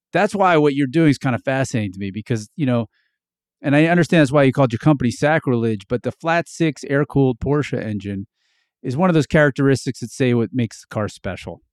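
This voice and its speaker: A man's voice: medium pitch, a little mellow, no echo, studio quality. A man hosting an interview podcast, talking casually and chattily, often nodding along with short agreements. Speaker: podcast host. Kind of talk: interview conversation.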